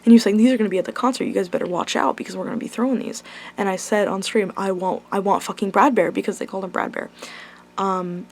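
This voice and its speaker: A woman's voice: mid-range voice, fairly even intonation, fast, darkish tone, slight background noise. A young woman vlogger telling a concert story in casual, gushing talk, full of ums and likes and casual swearing. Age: young adult.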